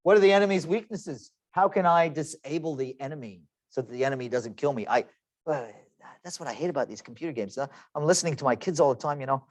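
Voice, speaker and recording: A man in his forties leads an online class, with a slightly high voice. He keeps the tone chatty and slips in self-deprecating jokes. His computer microphone gives a dry, close sound. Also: lively intonation, fast, no room sound. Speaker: lecturer.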